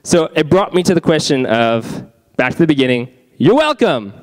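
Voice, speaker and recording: Youth pastor, young man, higher voice, smooth and clear, keeps asking the room questions. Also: very animated, moderate pace. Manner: chatty, asks the audience questions. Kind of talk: youth group sermon.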